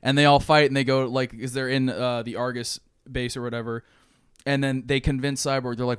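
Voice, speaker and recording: A man co-hosting a podcast in casual chat, telling an animated, swear-heavy story and acting out the characters' lines. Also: mid-range voice, fast talker, clean tone, dry recording, clean studio sound. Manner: excited storytelling, swears often, acts out lines. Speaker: podcast co-host.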